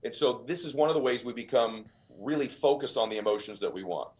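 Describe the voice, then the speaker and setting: Podcast guest: earnest, emphatic man with a middle-pitched voice, telling motivational stories with conviction. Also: quick pace. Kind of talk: motivational storytelling.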